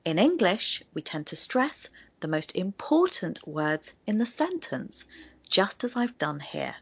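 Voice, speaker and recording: A woman's voice: lowish voice, sing-song, a little slow, vocal fry, breathy edge. A woman presenting a scripted video lesson on sentence stress, explaining with spoken examples. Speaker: English tutor in a video.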